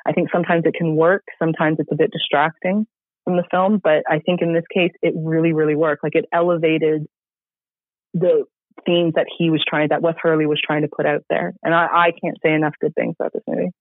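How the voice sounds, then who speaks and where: A man's voice: a little high, level tone, a little fast, no echo. A man reviewing a film in casual podcast chat, enthusiastic and rambling with many fillers. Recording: tinny phone-like line.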